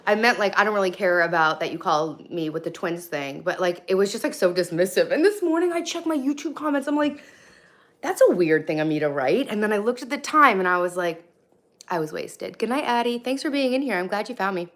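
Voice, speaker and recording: A woman's voice: mid-range voice, expressive, quick pace, hardly any pauses. A hungover woman in her thirties chatting bluntly on a live stream from her kitchen, reading out and answering comments. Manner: chatty, blunt, swings between loud and soft, reacts to chat. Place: home kitchen.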